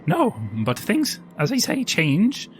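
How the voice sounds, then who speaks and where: A man's voice: high-pitched, big pitch swings, slow, a little hiss or hum, pitched above the performer's own voice, exaggerated voice. A man voicing an earnest adventurer and party leader who speaks persuasively.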